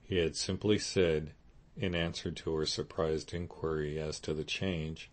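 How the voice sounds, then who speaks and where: A man narrating a classic novel as an audiobook in a steady, measured way. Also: a bass voice. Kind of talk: scripted narration.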